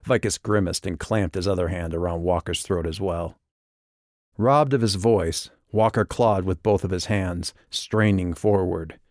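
A man narrating an audiobook in a measured, steady way. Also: deep voice, dry recording, clean studio sound. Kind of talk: scripted narration.

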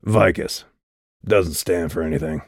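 A menacing, sneering clown-faced man with a low growl, played by a male audiobook narrator. His mocking lines sit deep and dry on a close mic. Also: measured pace, dry recording. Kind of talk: audiobook character voice.

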